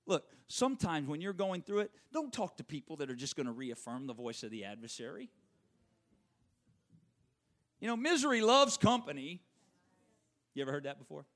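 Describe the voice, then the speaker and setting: Man, pastor, sermon, lively swooping delivery, slightly high voice, conversational asides. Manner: animated preaching, repeats key phrases, quick asides to the congregation.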